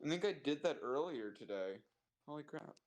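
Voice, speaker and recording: A man's voice: a little high, expressive, normal speed, low-quality recording. Rambling casual male streamer. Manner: rambling, loose and profane. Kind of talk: casual chat.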